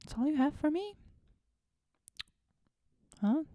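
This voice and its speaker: A woman's voice: high-pitched, big pitch swings, slow pace, dark tone, no echo, studio quality. A woman talking to herself as she produces music at home, muttering, humming and now and then swearing. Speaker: music producer streaming a work session. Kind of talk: casual self-talk while producing music.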